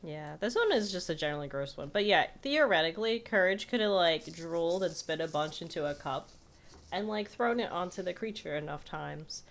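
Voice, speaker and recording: A woman's voice: fairly low pitch, expressive, a little fast. A woman co-hosting a podcast, chatting casually about a cartoon and reading trivia aloud with frequent laughter. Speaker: podcast co-host.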